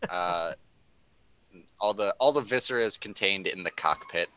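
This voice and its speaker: A man's voice: low voice, moderate pace, pushed and bright, poor audio. A man running a tabletop mech game as game master, narrating the action with frequent laughs. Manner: laughing often while describing action.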